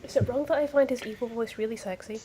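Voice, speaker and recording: A woman chatting casually with fellow players before a tabletop game session, quick to laugh at herself. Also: a little high, fairly even intonation, mellow, a little hiss or hum. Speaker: player and show host.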